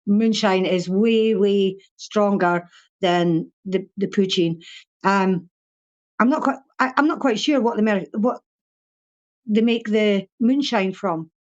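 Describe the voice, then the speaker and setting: A woman's voice: medium pitch, slow, highs cut off. An older woman with a Fife Scottish accent, a guest chatting bluntly in an interview, swearing freely and laughing often. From Scotland (Fife). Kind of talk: casual interview chat.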